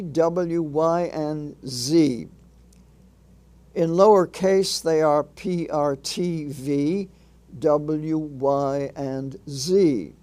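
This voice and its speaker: A man narrating a phonics lesson in a measured instructional way, sounding out letters and sounds one by one. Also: fairly high pitch, darkish tone. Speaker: reading teacher.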